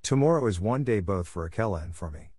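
A man's voice: on the low side, lively intonation, fast talker, a little mellow, husky, dry recording, studio quality. A man reading aloud, voicing a bold, defiant boy raised by wolves. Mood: eager. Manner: bold, eager. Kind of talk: audiobook reading.

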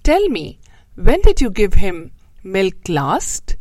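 Woman reading a worried mom in a storybook, probing questions, slow and dry. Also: mid-range voice, wildly swooping pitch, darkish tone, no echo, exaggerated voice. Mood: anxious. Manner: anxious, probing. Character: anxious mother questioning her daughter.

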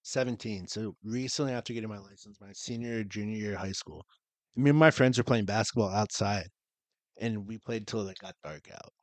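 A man's voice: fairly low pitch, a little fast, no echo. A young man co-hosting a podcast, telling a story in casual chat with lots of swearing and acted-out quotes. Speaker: podcast co-host.

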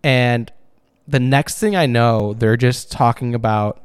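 A man's voice: medium pitch, slow pace, clear, resonant tone, no echo. A man co-hosting a podcast, chatting casually with blunt, profane, dry humor. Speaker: podcast co-host. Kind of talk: casual crude chat. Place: warm room without cooling.

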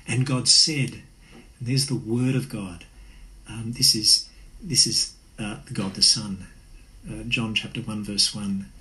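A man's voice: on the low side, steady tone, unhurried, sharp tone, low-quality recording. A man preaching an earnest, conversational sermon. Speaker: pastor.

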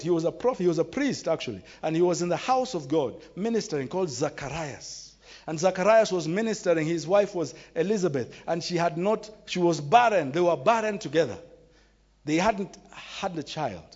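A man's voice: high-pitched, darkish tone. A man preaching a sermon with emphatic, repetitive, exclamatory delivery. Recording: dull recording in a reverberant hall.

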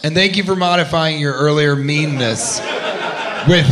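A man hosting a live comedy podcast, riffing loudly with laughter and crude jokes from a club stage. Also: fairly high pitch, unhurried. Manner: loud, laughing, profane riffing. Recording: live club recording with crowd noise. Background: laughing live audience.

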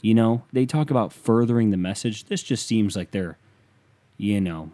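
A man's voice: mid-range voice, expressive, moderate pace, dark tone. A young man from Ohio hosting a casual sports rant, profane and sarcastic.

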